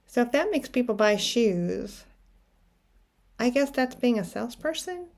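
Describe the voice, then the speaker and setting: A woman's voice: a little high, sing-song, a little slow, gravelly, a little mellow. A middle-aged woman telling a personal story in a reflective, anecdotal way, often restarting her sentences. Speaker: podcast host.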